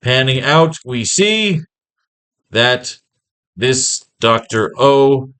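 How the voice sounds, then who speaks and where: A man's voice: mid-range voice, lively intonation, very slow, fairly bright tone, clear, resonant tone. Foul-mouthed sarcastic male writing teacher. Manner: profane, sarcastic, rambling. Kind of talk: casual profane lesson, comic recap.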